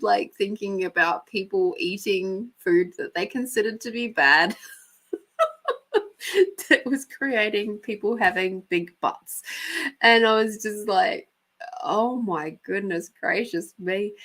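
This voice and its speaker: This Australian host and intuitive reader runs a live psychic reading and storytelling show, chatting away with lots of laughter and an occasional casual swear. She has a mid-range voice with a sharp tone.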